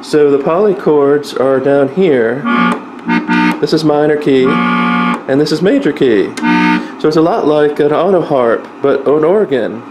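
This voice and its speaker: A man's voice: on the high side, a little slow, low-quality recording. A man talking casually in a vlog, rambling with lots of fillers as he shows off a small vintage organ. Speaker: vlogger showing an instrument. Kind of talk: casual show-and-tell vlog. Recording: organ playing in the background.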